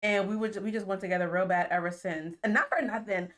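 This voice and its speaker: A woman's voice: medium pitch, steady tone, quick pace, fairly bright tone. A young adult woman, a guest in a casual chat, telling her story earnestly and laughing often.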